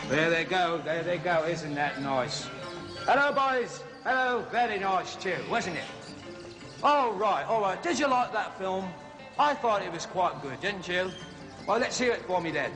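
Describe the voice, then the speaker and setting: A jolly bumbling jungle explorer. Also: male voice, high voice, expressive, a little slow. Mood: jovial. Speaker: zoo segment host. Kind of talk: 1970s children's TV comedy. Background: music.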